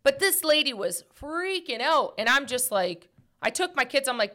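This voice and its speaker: Her voice sits high and moves at an ordinary pace. This thirtysomething woman is having a casual chat, animatedly and emphatically telling stories sprinkled with frequent "like"s.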